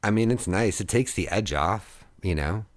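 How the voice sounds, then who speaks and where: A man's voice: low-pitched, animated, moderate pace. A man in his thirties telling a long story in a casual monologue. He rambles, swears freely and laughs at his own jokes. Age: 30s. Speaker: podcast host.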